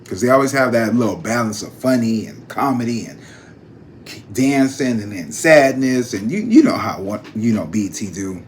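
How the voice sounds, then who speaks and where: A man hosting a casual gossip vlog, chatty and slangy, talking straight to his viewers with animated jumps in pitch. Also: normal speed, slight background noise. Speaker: psychic channel host.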